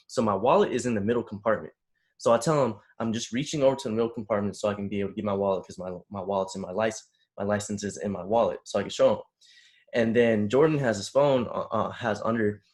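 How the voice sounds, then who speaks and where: A young man from the Bay Area telling a story in casual conversation, animated, acting out the voices of the people he quotes. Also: lowish voice. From San Francisco Bay Area. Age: young adult. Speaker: panel guest.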